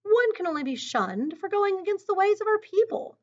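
A woman voicing a wise, gentle old Amish woman elder in a storybook read-aloud, speaking slowly and kindly in old-fashioned words. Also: extremely high pitch, very animated, voice pushed up. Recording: dull lo-fi recording.

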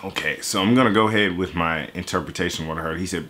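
A man's voice: low voice, fast talker, a bit bright. A man in his twenties giving casual, jokey reaction commentary on a song, jumping into voices and asides. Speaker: music reaction YouTuber.

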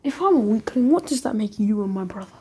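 A woman's voice: medium pitch, expressive, quick pace, dark tone, slightly rough. A woman voicing a ruthless teenage ninja boy who makes cold threats. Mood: cold, threatening.

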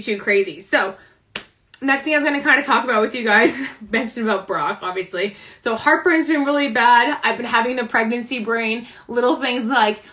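A woman's voice: fairly high pitch, sharp tone. A young woman chatting casually in a live video, bubbly and chatty, laughing often and a little out of breath. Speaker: vlogger. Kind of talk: casual live-stream chat. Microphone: phone camera.

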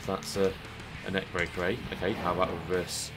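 A man with a very deep voice talks casually over a wrestling game, dry and self-mocking, with the odd mild swear. Loud guitar game music plays steadily behind him. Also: little pitch movement, a little fast. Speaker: gaming streamer. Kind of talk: casual let's play commentary.

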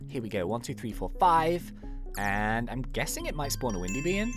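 Animated woman chatting over gameplay. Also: a bass voice, fairly quick, over music. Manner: rambling, many ums and likes. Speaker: gaming YouTuber. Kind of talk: casual gameplay commentary.

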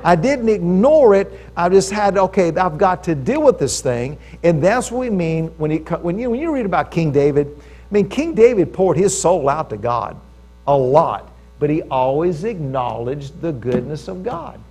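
Male preacher, fairly high voice, conversational sermon, checks in with the congregation. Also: big pitch swings, normal speed, darkish tone. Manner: conversational preaching, stresses key phrases, often asks the audience for agreement. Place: church service with audience.

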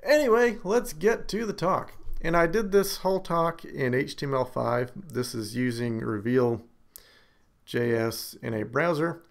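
A man's voice: fairly high pitch, unhurried. A man hosting a screencast, talking casually with wry, self-deprecating humor and emphatic asides. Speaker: screencast host.

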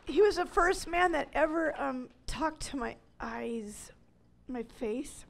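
A woman in her forties giving an emotional testimony talk as a ministry leader, swinging between loud cries and hushed near-whispers. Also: high-pitched, animated, slow pace, creaky.

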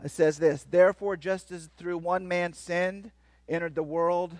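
A man giving a lively, playful sermon as a guest speaker, joking with the crowd and swinging between loud and soft. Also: high voice, a little slow, no room sound. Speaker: guest speaker at a church kids' event. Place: church hall.

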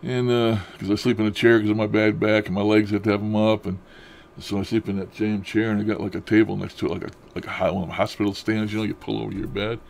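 A fast-talking man with a lowish, creaky voice and little pitch movement shares odd happenings on camera from his home. The paranormal vlogger is folksy and rambling, with loose grammar and lots of chuckles.

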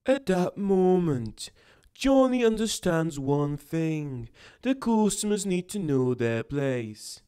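Woman putting on a super slow dark dramatic narrator voice, smooth and swooping. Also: low voice, very animated, exaggerated voice. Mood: ominous.

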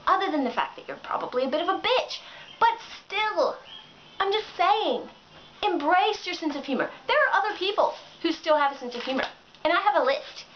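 A woman's voice: extremely high pitch, lo-fi sound, slight background noise. A woman vlogger ranting sarcastically into the camera in a casual way, with plenty of filler words.

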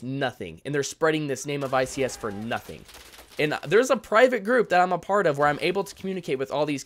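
A man's voice: medium pitch, fairly bright tone. Frustrated, profane young man. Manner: frustrated, profane, rambling with many "like"s. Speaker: YouTube airsoft channel host. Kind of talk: casual Q&A vlog rant.

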